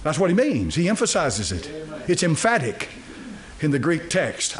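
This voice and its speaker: Male preacher, fairly high voice, folksy and emphatic, fires questions at the congregation. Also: huge pitch swings, moderate pace. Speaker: pastor. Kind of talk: sermon.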